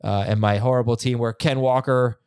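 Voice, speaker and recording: A man hosting a podcast who has young kids, talking in easygoing, teasing casual banter with quick asides. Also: medium pitch, steady tone, darkish tone, smooth, no echo. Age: adult, parent. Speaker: podcast host.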